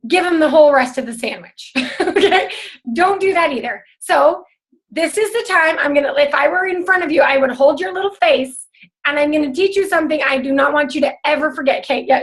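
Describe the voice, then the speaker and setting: High-voiced upbeat woman coaching a team. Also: a bit bright. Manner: upbeat, chatty, acts out quoted conversations. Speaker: coach leading a team call. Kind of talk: coaching talk on a team call.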